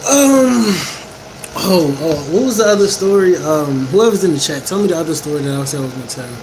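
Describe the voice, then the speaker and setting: A man telling a story to a livestream chat in casual, profane slang, animated and often laughing. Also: fairly high pitch, a little fast, background noise.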